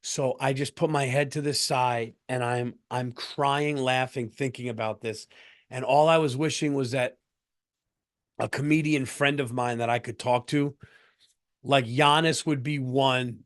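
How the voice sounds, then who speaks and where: Middle-aged male comic host, mid pitch, animated storyteller who laughs at his own tale. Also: a little slow. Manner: animated, breaks into laughter, lots of restarts. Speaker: comedian podcast host. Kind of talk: comedic storytelling monologue.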